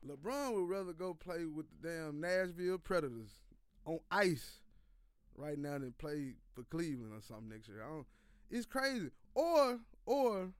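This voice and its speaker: High-voiced man ranting about sports. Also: clean tone, no echo, studio quality. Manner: loose, profane, slangy ranting with repeated phrases. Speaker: sports podcast host. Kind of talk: casual sports commentary monologue.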